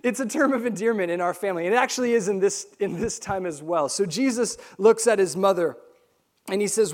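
Animated high-voiced male preacher. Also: brisk. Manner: animated storytelling with acted-out quotes. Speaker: pastor. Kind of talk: sermon.

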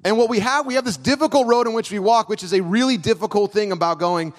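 A man preaching a sermon as a pastor in a church, moving between loud, raised emphatic passages and quiet, low, close asides. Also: quick pace. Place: church hall.

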